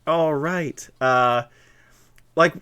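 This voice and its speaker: A man's voice: fairly high pitch, extremely slow, pushed and bright, smooth. A man hosting a casual live-stream interview, flustered and laughing easily, often restarting his sentences.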